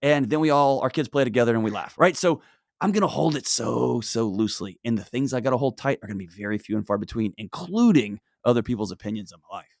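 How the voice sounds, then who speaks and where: A middle-aged man, a guest on a podcast, talking in a lively, casual way that swings from loud to quiet. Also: fast talker, gravelly, dry recording, clean studio sound. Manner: animated, big swings in pitch and loudness, acts out voices. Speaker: podcast guest, mental health author. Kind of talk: casual conversational interview.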